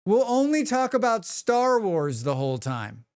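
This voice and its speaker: A man's voice: high voice, very animated, unhurried, smooth, dry recording, clean studio sound. A man streaming live, chatting casually and joking with his chat. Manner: rambling, joking, reacts to chat.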